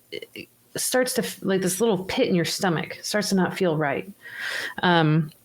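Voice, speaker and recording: Rambling woman game master, low voice. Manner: chatty, rambling, many fillers. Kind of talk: narrating a tabletop game.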